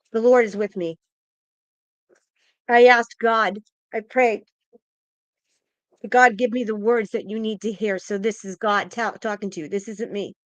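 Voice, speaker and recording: A woman's voice: fairly high pitch, fairly bright tone, dry recording. A woman psychic giving an impassioned spiritual pep talk, emphatic and repetitive, audibly emotional and close to tears. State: tearful, emotional.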